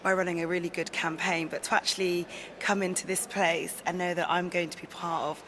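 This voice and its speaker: A woman's voice: fairly low pitch, level tone, fairly quick. A woman giving earnest interview answers who often restarts her words, recorded in a large indoor lobby with people talking in the background. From England. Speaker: interview guest. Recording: noisy public lobby.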